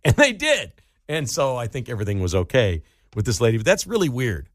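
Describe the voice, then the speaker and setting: A man hosting a radio talk show, telling stories casually in a lively way, his voice jumping up high in pitch for emphasis. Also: fairly quick, dry recording, clean studio sound. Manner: animated storytelling with sudden rises in pitch.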